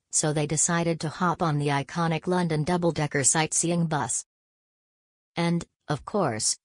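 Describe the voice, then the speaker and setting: A woman giving a scripted gossip recap in a steady, even read. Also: sits low, no echo. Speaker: celebrity gossip narrator. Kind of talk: scripted narration.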